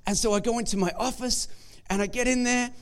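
A man preaching to his church with a high voice for a man. He talks conversationally and jokes, often repeating words as he restarts. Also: fairly even intonation, brisk, clean tone. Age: young adult or middle-aged. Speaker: pastor. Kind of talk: sermon.

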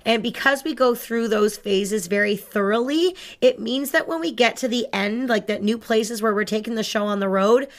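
A woman's voice: fairly high pitch, normal speed, few pauses. Upbeat woman dog trainer explaining. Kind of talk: instructional podcast chat.

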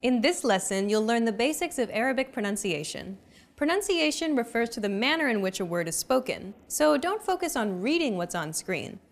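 A young adult woman hosting a language lesson, with clear, upbeat, teacherly scripted narration. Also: on the high side, big pitch swings, moderate pace.

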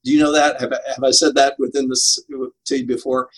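A man's voice: mid-range voice, flat delivery, a little fast, rough recording. An older man answering interview questions about preaching, earnest and emphatic, laughing at himself now and then. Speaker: preaching coach.

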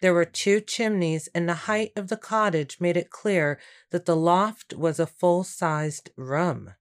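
A woman reads a storybook aloud in a calm, unhurried way. Her voice sits a little low and stays even from line to line. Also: clean tone. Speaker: audiobook narrator. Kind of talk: scripted storybook narration.

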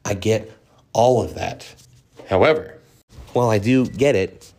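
A man's voice: fairly low pitch, a little slow, darkish tone. A man hosting a podcast on his own, talking frankly in a rambling, profane way, full of fillers. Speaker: podcast host. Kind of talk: casual solo monologue.

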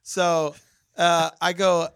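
A man hosting a podcast, telling a story in casual chat, animated and acting out the voices in it. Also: fairly high pitch, extremely slow, clean tone, dry recording, studio quality. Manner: animated, acts out quoted voices, laughs often. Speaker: podcast host.

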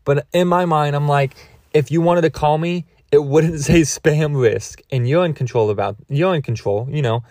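A man's voice: on the high side, moderate pace, a little mellow, no echo, clean studio sound. A young man hosting a podcast, telling a meandering comic story with lots of restarts and jokes at his own expense. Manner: meandering, self-mocking, full of restarts. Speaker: podcast host. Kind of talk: rambling comedic storytelling.

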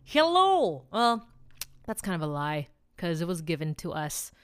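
A woman's voice: sits low, normal speed, clean tone. A woman hosting a weekly motivation vlog, talking casually and chattily, laughing and teasing as she speaks straight to her viewers. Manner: chatty, animated, laughs and teases, rambles, direct address. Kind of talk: casual motivational talk to camera.

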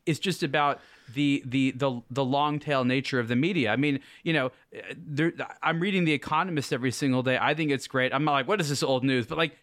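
A man's voice: mid-range voice, a little fast, few pauses, a bit bright, no echo, clean studio sound. A man co-hosting a podcast, thinking aloud with restarts in casual chat. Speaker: podcast co-host.

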